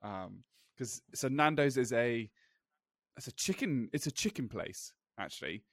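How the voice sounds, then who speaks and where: A man hosting a podcast in casual chat, laughing often and talking quickly. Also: mid-range voice, expressive, no room sound, clean studio sound. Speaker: podcast host.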